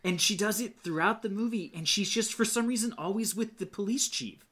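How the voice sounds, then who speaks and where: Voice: mid-range voice, fairly quick, heavy background noise. A podcast co-host picking apart a bad movie in casual, rambling banter full of fillers. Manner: critical, rambling with many fillers.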